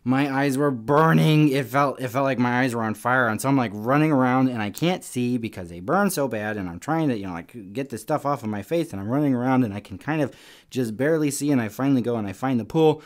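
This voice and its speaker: A man's voice: medium pitch, brisk. Casual man telling kids a story. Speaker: Sunday school teacher. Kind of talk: children's Sunday school talk.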